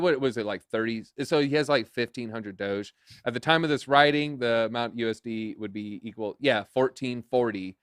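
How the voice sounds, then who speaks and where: A man's voice: medium pitch, clear, resonant tone. A chatty man co-hosting a live crypto show, reading news aloud and then riffing on it with jokes at his own expense. His voice sits in a medium range and sounds close and dry, with no room echo. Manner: chatty, jokey, self-deprecating. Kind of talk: casual live-stream commentary.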